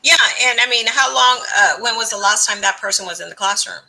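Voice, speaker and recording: A man's voice: high voice, a little fast, creaky, pushed and bright, rough recording. A man in a casual group discussion, supportive and agreeing, speaking with many fillers.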